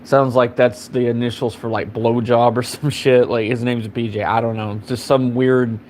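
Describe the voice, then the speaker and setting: A man talking at an ordinary mid-level pitch, telling a story in a loose, rambling way. He swears freely and keeps stacking up fillers as he goes. There is a faint hum of background ambience behind him. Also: little pitch movement, moderate pace, a little mellow. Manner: rambling and profane, heavy on fillers. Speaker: live streamer. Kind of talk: casual storytelling.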